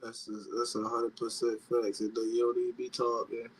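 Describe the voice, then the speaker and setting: A man's voice: mid-range voice, monotone, moderate pace, slightly rough, no echo, low-quality recording. A man with a Baltimore accent, a guest on a casual stream, laid-back and emphatic as he agrees. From Baltimore, USA. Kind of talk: casual chat.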